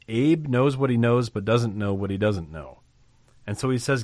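A man's voice: medium pitch, expressive, normal speed, a little mellow, no echo. A man preaching a sermon, reading scripture aloud and commenting on it in a conversational way. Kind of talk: sermon on a Bible passage.

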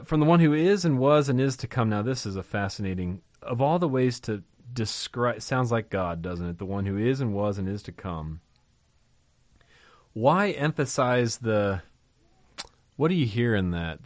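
A man's voice: on the low side, dry recording. A man hosting a Bible study podcast, explaining in a conversational teaching style and asking and answering his own questions. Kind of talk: casual teaching talk.

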